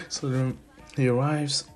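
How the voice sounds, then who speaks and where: A man's voice: medium pitch, level tone, takes it slowly, faint music behind. A man casually retelling a fan-made anime story, rambling and doing voices for the characters. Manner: rambling, laughing to himself, does voices.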